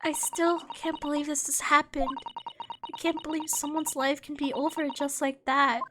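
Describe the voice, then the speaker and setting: A woman voicing a grieving young female assistant, reading game dialogue aloud in a soft, subdued, mournful way. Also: high-pitched, level tone, normal speed, noisy background, lightly acted. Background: game music.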